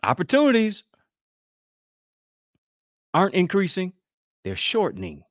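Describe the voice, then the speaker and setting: A man delivers a motivational talk in a preaching style, his pitch swinging widely from line to line. He keeps checking in with his listeners through quick questions and call-and-response. The sound is close and dry, with no room around it. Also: huge pitch swings, no echo. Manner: call-and-response, rhetorical questions, playful quoted voices. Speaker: motivational speaker.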